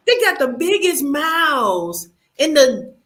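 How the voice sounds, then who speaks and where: A woman hosts a casual interview, laid-back and agreeable, laughing along with her guest. Her voice sits a little high and swings widely in pitch, and she takes her time with her words. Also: sing-song, takes it slowly, fairly bright tone. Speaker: interview host. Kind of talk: casual chat.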